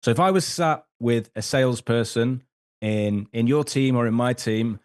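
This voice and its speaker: A man's voice: mid-range voice, normal speed. A man, a sales consultant guest on a podcast, explaining techniques and acting out little sample conversations. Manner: acts out sample dialogue, frequent um fillers.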